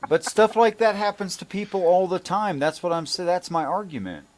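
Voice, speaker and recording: A man's voice: high voice, animated, normal speed, slight background noise. A man in a casual chat, blunt and argumentative and sometimes self-deprecating.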